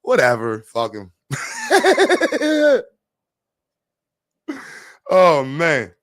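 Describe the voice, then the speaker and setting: A man's voice: mid-range voice, fairly quick, a bit bright, no room sound, studio quality. A man livestreaming, chatting loosely and profanely with his viewers and joking around. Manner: talks to his chat. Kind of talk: casual livestream chat.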